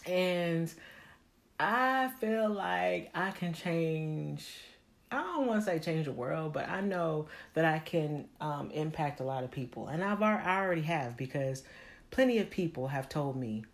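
A woman vlogger giving a casual motivational monologue, candid and profane, rambling, with bursts into high excited tones. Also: unhurried.

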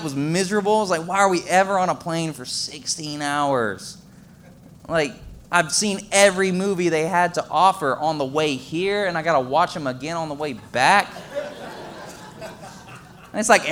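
Young male pastor, slightly high voice, loose chatty preaching with lots of "like". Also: fairly bright tone. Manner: conversational, many fillers, acts out quotes. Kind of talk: casual sermon.

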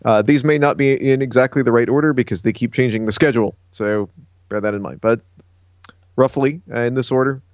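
A man's voice: medium pitch, a little fast, dry recording. A man co-hosting a casual podcast, reading out news from his notes with lots of uh fillers. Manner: relaxed, reads from notes with frequent uh fillers.

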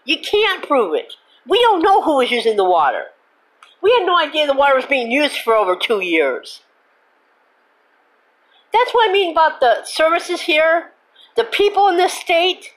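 Woman host, higher voice, indignant rant with repeated complaints and the odd cuss word. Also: sing-song, a little slow, pauses often, rough recording. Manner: indignant, cusses and then apologizes; repetitive, emphatic complaining. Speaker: host of her own show. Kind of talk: angry rant.

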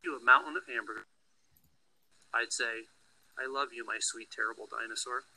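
Storybook mother, warm-hearted and soothing, read by a man in a bright husky voice. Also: mid-range voice, normal speed, full character voice, rough recording. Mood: tender. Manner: soft, tender answers. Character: gentle, loving mother soothing her child.

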